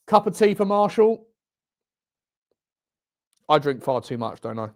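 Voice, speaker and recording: A fairly high-voiced man hosts a football watchalong. He chats loosely with viewers, reads out their comments and swings into loud, excited shouts at the referee and near misses. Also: a little slow, pauses often. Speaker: fan watchalong host.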